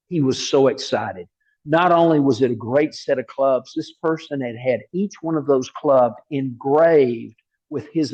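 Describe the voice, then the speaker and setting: A man preaching a sermon, telling stories in a lively way and repeating key words for emphasis. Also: medium pitch, highs cut off. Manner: animated storytelling with repeated words.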